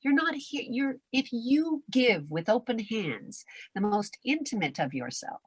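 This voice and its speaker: An older woman coaching performers in an animated chat, theatrical and shifting between soft whispers and loud outbursts. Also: on the high side, unhurried, slightly rough, dry recording. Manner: theatrical, swings from whispers to shouts.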